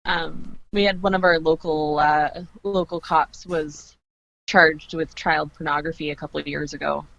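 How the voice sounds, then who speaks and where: A woman's voice: low-pitched, steady tone, normal speed, gravelly, a bit bright, muffled recording, slight background noise. A Canadian woman chatting casually as a podcast guest, with plenty of fillers and laughs.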